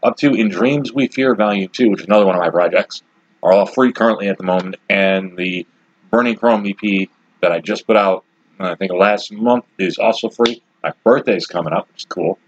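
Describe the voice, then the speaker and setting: A man's voice: on the low side, brisk, no room sound, muffled recording. A man in his forties from Detroit, hosting his own podcast and rambling bluntly through his opinions with lots of asides, a bit hiccupy. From Detroit, USA. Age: 40s. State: has the hiccups. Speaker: podcast host. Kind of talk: casual solo commentary.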